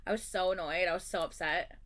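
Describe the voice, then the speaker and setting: Bright-voiced woman telling a story. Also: lowish voice, quick pace. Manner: animated, swears casually. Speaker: livestream host. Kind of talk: casual storytelling chat.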